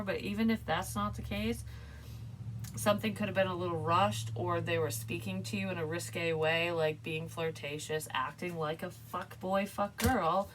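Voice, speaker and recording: A woman's voice: mid-range voice, recorded from a distance, a little hiss or hum, rough recording. A middle-aged woman giving a casual tarot reading, rambling and frank and swearing freely. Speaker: psychic tarot reader.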